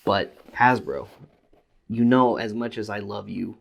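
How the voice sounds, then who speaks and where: A man's voice: fairly low pitch, unhurried, vocal fry. A man reviewing a collectible figure in a casual, stammering way, often repeating words as he rants and then apologizes. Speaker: toy reviewer.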